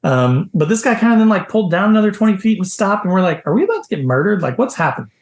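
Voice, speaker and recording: Middle-aged Midwestern man, raised voice, animated storyteller recorded in a roomy, echoey space. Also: sits high, fast. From American Midwest. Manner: animated, lively anecdotes with quoted voices. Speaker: guest. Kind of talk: casual storytelling. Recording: echoey room.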